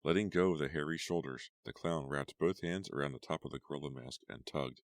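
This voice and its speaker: A man narrating a horror audiobook in a measured, suspenseful reading. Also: extremely low pitch, gravelly, no room sound. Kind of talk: scripted narration.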